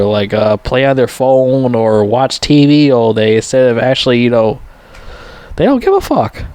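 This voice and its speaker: A man's voice: mid-range voice, darkish tone, no room sound. A man giving a rambling, profanity-laced casual movie review, with lots of restarts and sudden emphatic rises.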